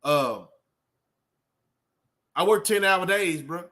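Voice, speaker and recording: A man's voice: sits high, expressive, slow pace, pushed and bright. A middle-aged man giving an off-the-cuff motivational talk in a streetwise preaching way, rambling with fillers. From Texas. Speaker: channel host.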